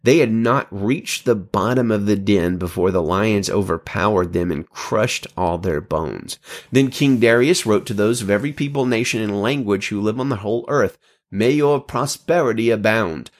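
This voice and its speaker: A man's voice: lowish voice, moderate pace. A man giving an enthusiastic devotional Bible teaching, emphatic, with wry asides.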